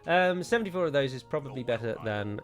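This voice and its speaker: Jokey gaming commentator. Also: male voice, medium pitch, lively intonation, quick pace, over music. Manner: chatty, self-mocking and jokey. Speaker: gaming YouTuber. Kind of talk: let's-play commentary.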